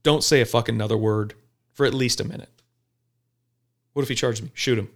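A police officer talking bluntly and profanely in a casual podcast chat, telling animated stories. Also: male voice, mid-range voice, fairly quick. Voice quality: gravelly.

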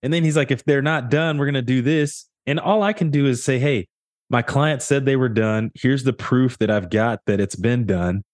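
A young man co-hosts a casual podcast and tells stories in an animated way, often jumping higher to mimic the people in them. His voice sits at a middle pitch. The recording is dry and close, with no room sound. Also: normal speed, no room sound. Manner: animated storyteller, often mimics others with a raised voice. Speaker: podcast co-host, real estate agent.

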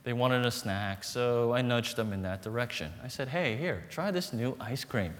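A man preaching a sermon, telling stories with humor and dramatic pauses. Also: medium pitch, lively intonation, a bit bright. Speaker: pastor. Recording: long reverb in a large hall.

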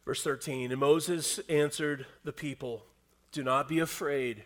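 A man preaching a sermon to a live congregation, swinging from loud emphatic lines to hushed near-whispers and asking the listeners rhetorical questions. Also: medium pitch, steady tone, unhurried. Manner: asks the audience rhetorical questions. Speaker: pastor. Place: speaking to a live congregation in a room.

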